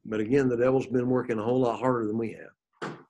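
A man's voice: medium pitch, little pitch movement, fast, dark tone. Man teaching a Bible class. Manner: asks the class questions, reads scripture aloud with rising emphasis.

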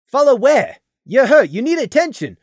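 A man voicing a blunt, gruff male pegasus guard in a fantasy story. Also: very high-pitched, very animated, moderate pace, dry recording, studio quality, voice pushed up, exaggerated voice. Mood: urgent. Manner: grunting, blunt.

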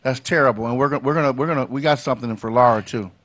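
A man with a middle-pitched voice makes an earnest case on a talk show. He stumbles and repeats words as he pushes his point forward, sounding like a working politician. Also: racing, a bit bright. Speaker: state representative.

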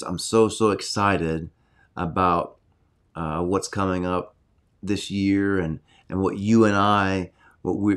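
A middle-aged man hosting a weekly healing livestream from his home study, preaching earnestly and leading prayer with excitable energy. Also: deep voice. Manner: earnest, excitable preaching, reads prophecy aloud.

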